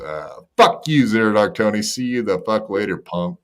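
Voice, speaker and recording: A man's voice: fairly low pitch, lively intonation, normal speed, hardly any pauses, fairly bright tone. A man hosting a podcast in crude, joking banter, brash and profane. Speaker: podcast host.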